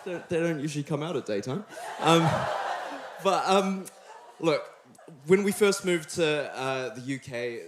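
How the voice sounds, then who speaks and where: A young New Zealand man preaches a sermon to a live congregation in a reverberant church hall. His voice is on the high side and measured, with background noise, and he's friendly, joking, and chatty with the crowd.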